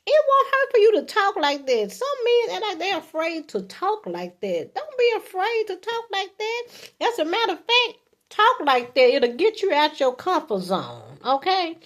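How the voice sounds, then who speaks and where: With huge pitch swings, a moderate pace and a slightly bright tone, this fifties-aged woman chats to camera with folksy relationship advice, peppering it with "okay." She plays out sweet lines to a partner in a high voice, coughing now and then from allergies.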